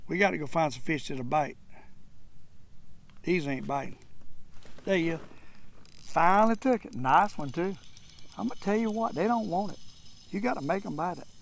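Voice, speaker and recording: An older man giving folksy, excited fishing commentary from a boat on a lake. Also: high-pitched, vocal fry, slight background noise. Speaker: fishing channel host.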